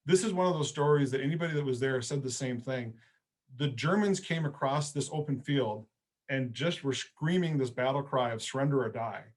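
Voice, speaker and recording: A middle-aged man, a history professor, giving an online history lecture in a relaxed, storytelling way. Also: medium pitch, normal speed. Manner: conversational storytelling with casual phrasing.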